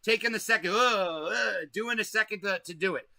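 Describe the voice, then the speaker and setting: A man's voice: high-pitched, fairly quick, vocal fry, bright, forceful tone, no room sound. A man hosting a casual livestream, talking loosely with slang and swearing and stretching out words for emphasis. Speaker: host.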